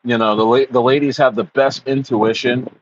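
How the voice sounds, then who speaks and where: A man's voice: medium pitch, steady tone, normal speed, lo-fi sound, slight background noise. A man hosting a casual crypto livestream, reading chat comments aloud in a rambling way with many stammered restarts. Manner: rambling, stammering restarts, acts out voices in quotes.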